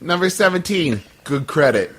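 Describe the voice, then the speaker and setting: A man's voice: fairly high pitch, moderate pace, husky. A man co-hosting a comedic podcast, reading items from a magazine list with a dry delivery. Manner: deadpan list reading, breaks into laughter. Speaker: podcast co-host. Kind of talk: comedic podcast, reading listener submissions aloud.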